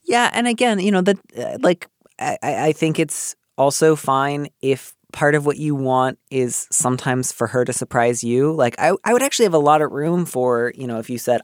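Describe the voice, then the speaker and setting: A man talking through a listener's letter in casual advice chat, his pitch jumping up and down as he restarts his sentences. His voice sits in the middle range and sounds close and dry, with no room around it. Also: normal speed, no room sound. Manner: animated, many restarts and fillers. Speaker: advice podcast co-host.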